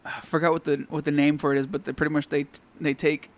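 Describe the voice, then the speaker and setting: Young dude, slightly high voice, crude funny stories, swears a lot. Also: male voice, flat delivery, quick pace. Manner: crude, laughing storyteller. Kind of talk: casual chat.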